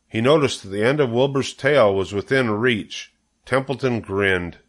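An older man reading a children's novel aloud in a steady, gentle read-aloud manner. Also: medium pitch, measured pace. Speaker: storybook reader.

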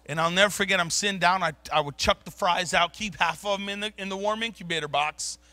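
A man preaching a sermon, telling stories in casual slang and swinging from low mutters to loud bursts. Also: fast, no room sound. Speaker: pastor. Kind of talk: sermon storytelling. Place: church sanctuary.

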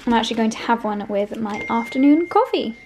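A woman's voice: fairly high pitch, expressive, fairly quick, a little mellow. A young British woman vlogging in her home kitchen, chatty and giggly, playful with made-up words. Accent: British English. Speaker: lifestyle vlogger. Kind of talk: casual kitchen vlog chat. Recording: roomy kitchen echo, faint background noise.

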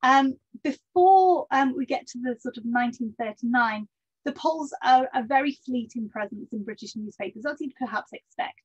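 A woman's voice: high-pitched, moderate pace, breathy edge, highs cut off. A woman researcher giving a history lecture, hesitant with many ums and self-corrections, and dropping wry asides.

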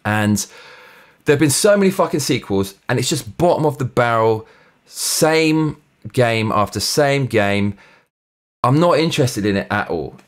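Unhurried, with lively intonation and a medium pitch, a male host rants on his show with blunt, sarcastic profanity. He switches to a fake Russian accent to read reviews.

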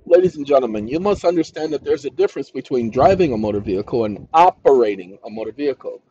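A man hosting his own channel, reading legal definitions aloud and breaking off to shout insults at an AI assistant in a ranting commentary. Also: medium pitch, lively intonation, fast, hardly any pauses, dull audio, slight background noise. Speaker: channel host.

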